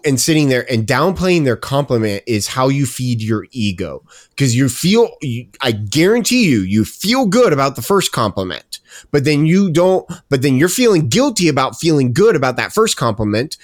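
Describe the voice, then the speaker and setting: A man's voice: mid-range voice, dry recording, studio quality. A man co-hosting a podcast, ranting emphatically and repeating himself as he makes his point. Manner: emphatic, repetitive, self-interrupting. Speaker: podcast co-host. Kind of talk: casual ranting chat.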